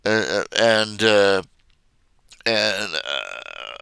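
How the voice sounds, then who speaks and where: Male streamer, slow halting casual chat, lively pitch, crisp dry voice. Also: no room sound. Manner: rambling, halting, many fillers and restarts, chuckling storyteller. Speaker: live streamer.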